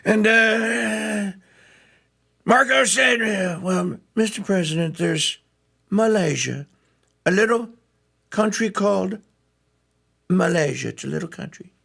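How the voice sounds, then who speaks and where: A rambling, self-satisfied president, as a gravelly-voiced man puts him on, higher than his own voice and drifting back from the mic. He keeps patting himself on the back. The delivery is bright and edgy. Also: takes it slowly, pauses often, heavily acted. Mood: boastful. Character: impression of a boastful male president.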